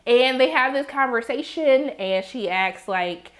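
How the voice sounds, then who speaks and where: A woman chatting casually as she recaps a TV episode, talking in an animated, slangy way and acting out the scenes. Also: sits high, measured pace. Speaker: TV show reviewer.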